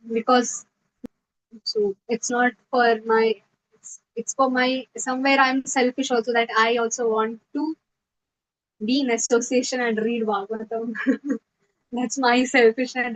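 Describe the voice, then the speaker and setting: A woman giving a devotional scripture class, telling stories in an earnest, animated way. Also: a little high, measured pace, pauses often. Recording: slightly muffled lo-fi recording.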